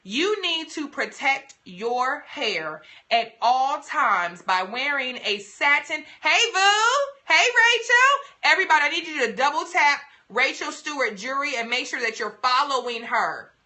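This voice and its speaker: A woman's voice: sits high, expressive, unhurried, hardly any pauses, bright, forceful tone. A young woman hosting a casual livestream, giving beauty tips in a sassy, playful, emphatic way.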